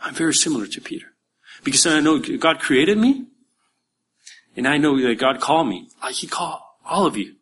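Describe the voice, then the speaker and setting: A man who grew up speaking preaches in a church, his plain in every line. His voice sits a bit high and has a bright, forceful ring. He swings between emphatic, rising bursts and soft asides, with a faint hum in the room behind him. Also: normal speed. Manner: animated, emphatic preaching that drops to quiet asides. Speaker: pastor. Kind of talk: sermon.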